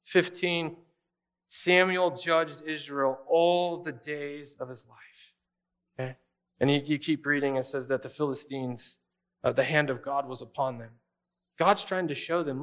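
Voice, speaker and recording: A man's voice: a little high, fairly even intonation, measured pace, fairly bright tone. A man preaching a sermon as a pastor, conversational and emphatic, often speaking straight to his listeners.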